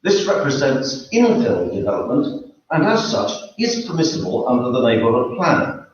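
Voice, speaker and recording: A man's voice: medium pitch, very animated. Hesitant man at a council meeting. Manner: measured, hesitant with frequent fillers. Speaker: member of the public at a council meeting. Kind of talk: formal public comment. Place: town council meeting room. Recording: echoey, dull room recording from far off.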